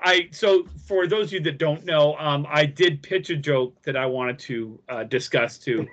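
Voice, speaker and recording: A man's voice: on the high side, normal speed, a bit bright, dull audio. A man co-hosting a casual podcast, telling a long rambling joke and laughing with friends. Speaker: podcast co-host.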